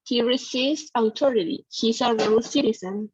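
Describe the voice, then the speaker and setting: A woman's voice: on the high side, husky, no room sound. A woman student who speaks Spanish as a first language, answering hesitantly and reading aloud on a video call. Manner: hesitant, reads aloud haltingly. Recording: dull lo-fi call audio.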